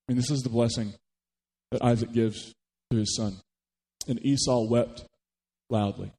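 A man preaching a sermon, retelling a story with animated rhetorical questions to the congregation. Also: mid-range voice, unhurried, long pauses, slightly rough, long reverb tail. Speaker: pastor. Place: church.

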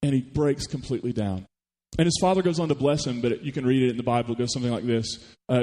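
A man preaching a sermon, retelling a story with animated rhetorical questions to the congregation. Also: medium pitch, fast talker, long reverb tail. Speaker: pastor. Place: church.

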